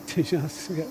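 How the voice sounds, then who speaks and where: Over a noisy background, a man with a voice on the high side chats casually during a live stream. He reads chat messages aloud, frequently starts sentences over, and uses many fillers.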